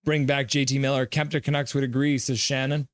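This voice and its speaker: This young streamer narrates a hockey game and reads viewer messages aloud, sounding goofy and excitable. He speaks at a medium pitch and a slightly quick pace.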